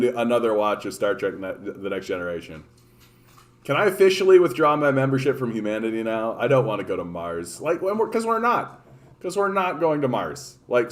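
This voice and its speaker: Male livestream host from Canada, mid-pitched, rambling sarcastic rant full of swearing and false starts. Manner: profane, rambling, sarcastic, many restarts. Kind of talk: casual ranting livestream chat.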